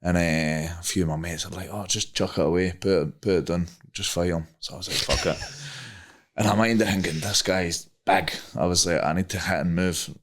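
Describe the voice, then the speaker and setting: A man's voice: sits low, fairly even intonation, normal speed. A young Scottish man, a podcast guest, telling a rambling story casually, swearing freely and using many fillers. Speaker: guest, MMA fighter.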